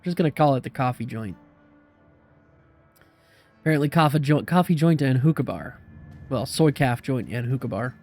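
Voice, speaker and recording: A man hosting a game playthrough, reading the text aloud with relaxed, self-mocking asides. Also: medium pitch, normal speed, pauses often, soft background music. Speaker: let's play host. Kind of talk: casual game narration and commentary.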